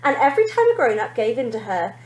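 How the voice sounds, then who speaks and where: A woman teacher reading a children's storybook aloud, lively and expressive, pointing out the pictures. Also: fairly high pitch, fast, roomy sound, dull audio.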